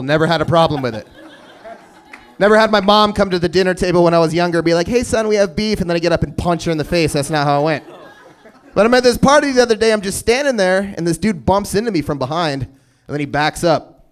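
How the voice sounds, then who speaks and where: A man in his thirties doing a stand-up comedy set, telling stories deadpan with sudden loud bursts. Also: sits high, quick pace. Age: 30s. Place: comedy stage before a live audience.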